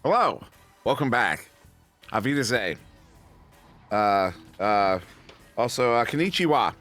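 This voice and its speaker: A man casting an esports match, goofy and rambling between plays, then excited play-by-play calls. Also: mid-range voice, a little slow, soft background music. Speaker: esports caster. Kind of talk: play-by-play commentary.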